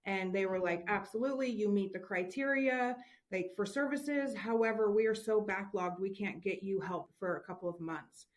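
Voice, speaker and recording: A woman's voice: medium pitch, normal speed. A woman from Washington state, a parent and podcast guest, telling her story candidly and earnestly. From Washington state, USA. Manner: candid, earnest, close to tears at times. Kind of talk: emotional personal storytelling.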